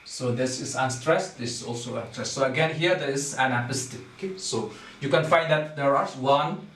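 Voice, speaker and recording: A man's voice: medium pitch, fairly bright tone, a little hiss or hum. A man teaching a class on poetic meter, explaining step by step and often asking "okay?" to check that students follow. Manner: slow, repetitive, checks understanding with "okay?". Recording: echoey room, distant mic.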